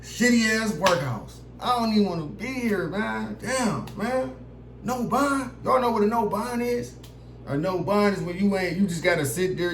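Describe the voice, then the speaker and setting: A young man casually telling a long, profane story straight to his viewers. He keeps checking in with them and acts out other people's lines as he goes. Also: a little high. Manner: profane, animated, keeps asking "you feel me". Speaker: vlogger. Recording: roomy echo with faint background noise.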